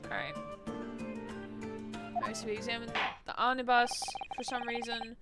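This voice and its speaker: A woman's voice: fairly high pitch, level tone, normal speed. A woman live-streaming a game, chatting casually in a playful, giggly way. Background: game music.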